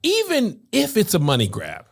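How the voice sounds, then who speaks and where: A woman's voice: medium pitch, huge pitch swings, moderate pace, vocal fry, breathy edge. A woman podcast host in casual discussion, arguing her points with rhetorical questions. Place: podcast studio.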